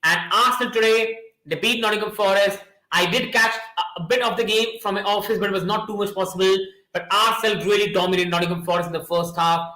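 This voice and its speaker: A young man hosting a live football watchalong, commentating excitedly to his chat and shouting at goals. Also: sits high, fast, reverberant, poor audio. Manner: excitable, repeats names and "guys", shouts at goals.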